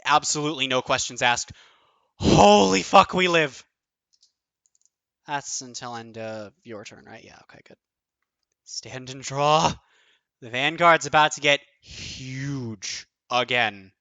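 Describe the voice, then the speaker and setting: A man streaming his own online card game tournament, thinking aloud, counting out numbers and swearing often, his voice going a bit hoarse. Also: mid-range voice, unhurried, sharp tone, no room sound. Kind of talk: excited live commentary of own play.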